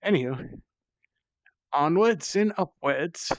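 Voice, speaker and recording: A man's voice: a little high, lively intonation, takes it slowly, no room sound. A man rambling casually while he plays in VR, chatty and self-deprecating, tired and thirsty from the climb, talking into a headset mic. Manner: chatty and self-deprecating, swears when strained. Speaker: VR streamer. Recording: dull, slightly lo-fi dry mic sound.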